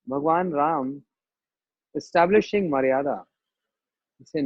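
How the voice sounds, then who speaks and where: A man's voice: a little high, lively intonation, slightly rough, no room sound. A man, telling a sacred story as a spiritual teacher and acting out its voices. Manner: slow, acts out the story's voices. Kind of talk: storytelling sermon. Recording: dull, dry lo-fi recording.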